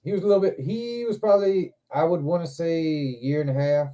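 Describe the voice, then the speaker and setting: A man hosting a livestream, telling rambling, profane anecdotes in a loose, animated way. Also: a little high, a little fast. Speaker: livestream host. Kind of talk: casual storytelling chat.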